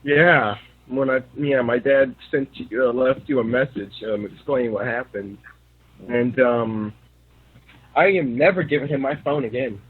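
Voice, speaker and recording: A man's voice: mid-range voice, unhurried, breathy edge, phone-quality sound. A young man, a student in class, explaining himself hesitantly with many fillers and apologies. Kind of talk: classroom talk.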